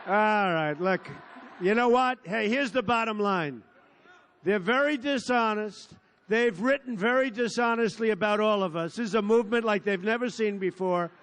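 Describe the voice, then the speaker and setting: A man in his seventies speaks in a fairly high register for his age, delivering a loose, digressive campaign rally speech. He brags, repeats his points and bursts into shouts now and then. He is addressing a large outdoor crowd in a field. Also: normal speed, slight background noise. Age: 70s. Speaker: politician at a rally.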